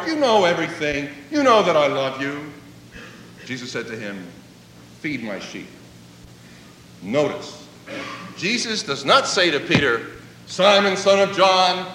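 A man's voice: a little high, fairly bright tone, slight background noise. A man preaching a sermon, telling a story and acting out its dialogue. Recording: echoey hall, voice from a distance.

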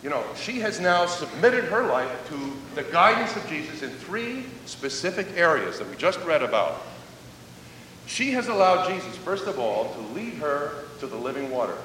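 A male pastor delivering a sermon with animated preaching, slowing down to stress key words. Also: distant mic. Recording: echoey hall, faint rumble.

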